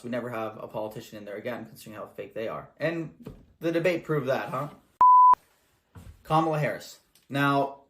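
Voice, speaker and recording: A man hosting a satirical comedy show, delivering a mock-earnest, sarcastic monologue. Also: mid-range voice.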